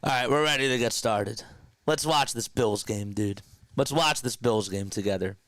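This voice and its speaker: A young man hosting a casual sports livestream, talking to his chat with excitement and emotion. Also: mid-range voice, normal speed, dry recording.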